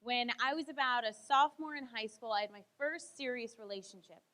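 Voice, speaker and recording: A woman's voice: a little high, fairly quick, bright, forceful tone. A young woman giving an earnest personal testimony as a guest speaker. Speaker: guest speaker, his wife.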